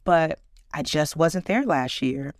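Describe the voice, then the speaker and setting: A woman's voice: sits low, animated, takes it slowly, no room sound, studio quality. A woman in her forties hosting a podcast, chatting in an upbeat, reflective way about her own life. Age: 40s. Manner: warm, upbeat, reflective storytelling. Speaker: podcast host. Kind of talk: casual solo podcast chat.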